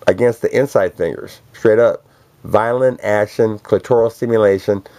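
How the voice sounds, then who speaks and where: A man talks straight to the camera in a rambling monologue, with a somewhat low voice. He sounds boastful and profane and throws in streetwise slang as he goes. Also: dark tone. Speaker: vlogger addressing a celebrity. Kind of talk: rambling direct-address monologue.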